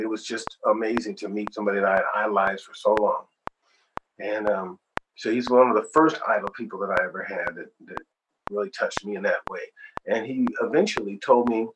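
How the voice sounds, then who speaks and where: An older man, a guest singer, telling animated stories in a casual interview. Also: fairly low pitch. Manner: animated storyteller, acts out quoted voices. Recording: noisy background hiss.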